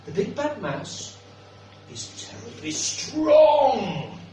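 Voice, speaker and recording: A man voicing a big shaggy monster father who tells tall tales in a slow, dramatic way. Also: very high-pitched, very animated, warm tone, slight background noise, exaggerated voice. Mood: boastful. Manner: slow, dramatic storytelling delivery. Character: big shaggy monster dad, boastful storyteller. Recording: echoey room, mic far off.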